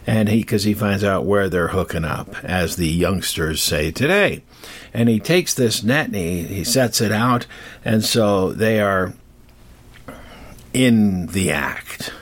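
An older man retells an old myth in a loose, chatty storytelling style, drifting off into tangents and asides. His voice is husky with a lively rise and fall. He sounds animated and talkative. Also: lowish voice, slow pace. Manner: rambling, digressive, animated. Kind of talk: casual storytelling.

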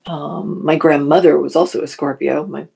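A woman's voice: sits low, steady tone, normal speed, gravelly, a little mellow, slightly rough. A middle-aged woman hosting a casual live chat, reading viewer comments aloud and laughing often.

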